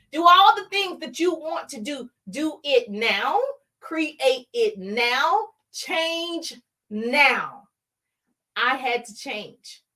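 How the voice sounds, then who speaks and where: High-voiced emphatic woman coach. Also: a bit bright, recorded from a distance. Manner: emphatic, repeats key lines, calls to the chat. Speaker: motivational speaker, home-business coach. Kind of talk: motivational live stream talk.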